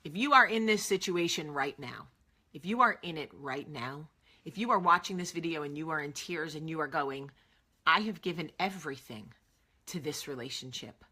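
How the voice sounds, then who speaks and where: A woman's voice: low-pitched, lively intonation, moderate pace, pushed and bright. A woman hosting an advice vlog, earnest and direct, repeating phrases for emphasis. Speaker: vlog host.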